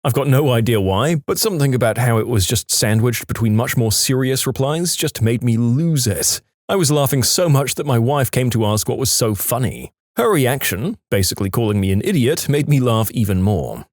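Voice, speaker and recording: A man reading storytime posts aloud in a scripted narration, lively and expressive. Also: mid-range voice, a little fast, dry recording, clean studio sound.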